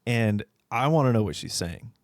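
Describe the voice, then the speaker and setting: A young man co-hosting a podcast in loose, profane chat. His pitch jumps around a lot as he acts out his pets' voices. His voice is close-miked and dry, with no room sound. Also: normal speed, no echo. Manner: animated storytelling, swears freely, acts out pets' voices. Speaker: podcast co-host. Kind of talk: casual chat.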